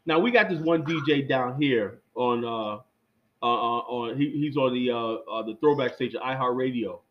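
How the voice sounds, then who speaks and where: A middle-aged man, a guest, telling stories in casual chat, rambling and animated, with many fillers and restarts. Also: medium pitch, normal speed, muffled recording, slight background noise.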